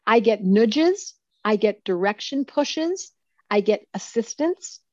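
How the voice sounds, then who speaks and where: A woman in her sixties, an astrologer, talking casually in an interview and telling stories with lively acted-out quotes. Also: on the high side, takes it slowly, no room sound, highs cut off. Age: 60s. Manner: animated storyteller who acts out quoted speech. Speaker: astrologer guest.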